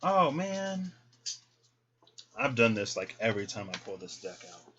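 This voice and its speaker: A man's voice: fairly low pitch, fairly even intonation, a little fast, a bit bright, muffled recording. A man giving a casual, chatty tarot reading to his viewers. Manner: chatty, folksy, talks to viewers as y'all. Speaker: tarot reader.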